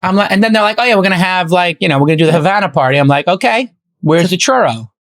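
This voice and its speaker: A man's voice: high voice, lively intonation, very fast, fairly bright tone. A middle-aged man hosting a podcast, telling stories in casual chat and acting out both sides of conversations. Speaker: podcast host.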